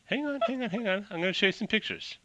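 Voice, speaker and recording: A man running a tabletop game as game master, narrating in an animated, loose way. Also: high voice, quick pace, highs cut off, very noisy. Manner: animated, loose, full of fillers.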